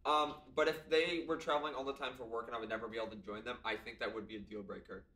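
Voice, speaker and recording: A man's voice: medium pitch, fairly even intonation, fast, sharp tone, recorded from a distance. A young man co-hosting a podcast in casual chat, rambling with lots of ums and likes and cracking jokes. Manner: chatty, many ums and likes, jokey. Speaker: podcast co-host. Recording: echoey room, voice a bit off-mic.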